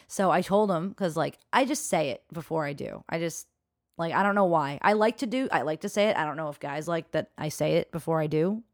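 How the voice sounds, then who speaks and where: A woman's voice: sits low, brisk. A young adult woman guest on a chat podcast, frank and rambling, telling a personal story with lots of fillers.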